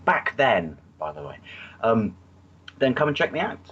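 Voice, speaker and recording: A man's voice: mid-range voice, big pitch swings, normal speed, a bit bright, breathy edge, highs cut off. A man bantering as a guest, rambling and teasing with a joking manner. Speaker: guest vlogger. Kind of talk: casual banter.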